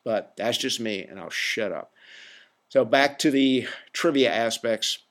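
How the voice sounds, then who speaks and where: His voice is medium in pitch, animated, fairly bright, and unhurried. Alone on his podcast, he goes on a casual, rambling, opinionated rant laced with self-deprecation.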